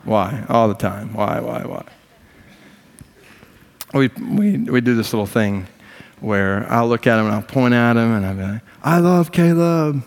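A man preaching a sermon as pastor, slow and emphatic, moving from hushed tones to impassioned rises. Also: on the low side, creaky. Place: church sanctuary. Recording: long reverb of a large hall.

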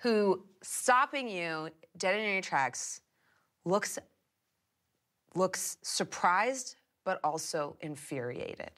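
A woman narrating a tabletop game as game master, animated and switching quickly into character voices. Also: fairly low pitch.

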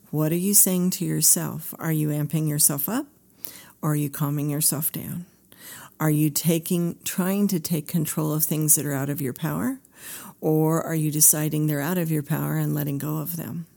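A woman with a low, gravelly voice talks as a therapist. Her tone is mellow and warm. She speaks earnestly and acts out the dialogue as she tells the story. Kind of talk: storytelling talk.

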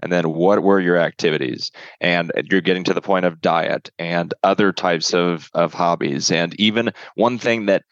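A man speaking as a returning podcast guest and medical director, in measured, clinical phrasing. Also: sits low, steady tone, a bit bright, dry recording, dull audio. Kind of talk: casual podcast conversation.

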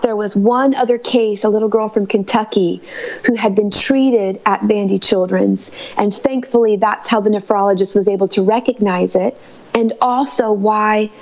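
A woman's voice: mid-range voice, fairly even intonation, moderate pace, a little mellow, dull audio. A mother speaking in an interview, fervent and emotional as she tells her story through faith. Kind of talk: testimony interview.

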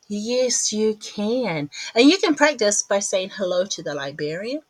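Here the same chatty podcast host rambles along with a mid-range voice, lively intonation, and a slightly slow pace, frequently laughing at herself and sounding a bit breathless between phrases. The low-quality recording is close-miked and dry, without echo or room sound.

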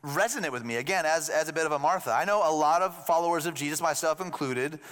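A man's voice: on the high side, quick pace, a bit bright. A male pastor preaching a sermon in a conversational way, with joking asides to the congregation. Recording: long hall reverb.

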